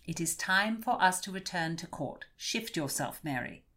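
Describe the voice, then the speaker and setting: A woman's voice: fairly low pitch, expressive, moderate pace, fairly bright tone. A woman voicing a stern, prim married lady who speaks in a curt, scolding way.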